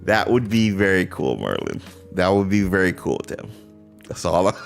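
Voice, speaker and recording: A man's voice: on the low side, big pitch swings, measured pace, creaky, soft background music. A young man hosting a casual livestream, greeting chat viewers and pleading with exasperated sighs and laughs. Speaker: livestream host. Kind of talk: casual live-stream chat.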